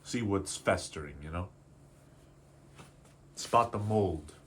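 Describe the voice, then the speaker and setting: A man's voice: low voice, slow. A man in his twenties talking candidly in a confessional vlog, rambling and self-doubting, swearing casually as he works through his feelings. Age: 20s. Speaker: artist vlogger. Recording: faint background noise.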